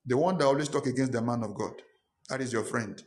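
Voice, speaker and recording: A man's voice: mid-range voice, fast talker, darkish tone. A pastor preaching a sermon, emphatic and repetitive, with rhetorical questions to his congregation.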